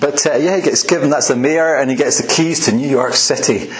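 Chatty pastor in a roomy hall. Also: male voice, mid-range voice, fairly quick. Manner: chatty, jokey, laughs at his own asides. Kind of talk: sermon.

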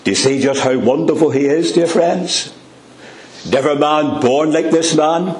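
Man preaching, slow, dramatic pauses, echoey church, faint ambience. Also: darkish tone. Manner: dramatic pauses, drops low on refrains. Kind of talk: sermon. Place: church hall.

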